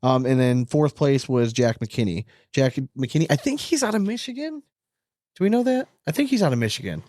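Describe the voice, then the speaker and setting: A man's voice: mid-range voice, sing-song, a little fast, darkish tone. A man co-hosting a podcast in a laid-back, chatty way, laughing often. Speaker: podcast co-host. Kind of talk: casual chat.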